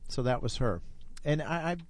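A man in his fifties telling a personal story in a relaxed, unhurried way. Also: mid-range voice, dry recording. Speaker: storyteller guest.

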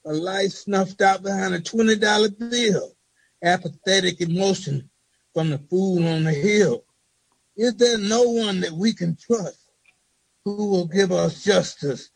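A man reading a spoken word poem he wrote, in a slow rhythmic delivery with repeated refrains. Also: high-pitched, creaky, husky, no room sound, rough recording. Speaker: poet reading his own poem.

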